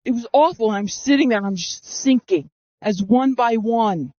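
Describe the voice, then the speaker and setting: A woman's voice: a little high, moderate pace, dark tone, no echo. A woman around thirty telling her own story in earnest, dramatic fashion, re-enacting her past reactions, through a voice masking filter. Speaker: storyteller giving personal testimony. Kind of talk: first-person storytelling. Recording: dull, dry, masked voice recording.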